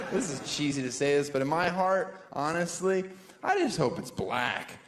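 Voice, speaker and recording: A man's voice: fairly high pitch, animated, moderate pace, background noise. Sarcastic male comic on a live stage. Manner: sarcastic, punchy, playful delivery. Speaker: stand-up comedian. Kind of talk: live stand-up comedy. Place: live comedy venue on stage. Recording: roomy live room with loud audience.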